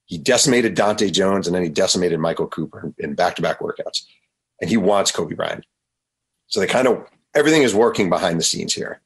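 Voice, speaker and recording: A man, an author guest on a radio show, telling stories in an animated way and often acting out quotes. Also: low voice, husky. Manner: animated, quick to act out quotes. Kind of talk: storytelling in a radio interview.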